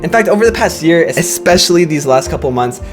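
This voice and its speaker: A man's voice: a little high, lively intonation, brisk. A young man giving a rambling, earnest voice-over as he reflects on his past. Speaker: vlogger. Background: guitar music.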